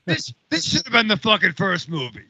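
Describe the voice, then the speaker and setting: A man's voice: high-pitched, huge pitch swings, a little fast, pushed and bright, breathy edge, no room sound, low-quality recording. A man in a casual movie podcast, trading sarcastic, profane banter.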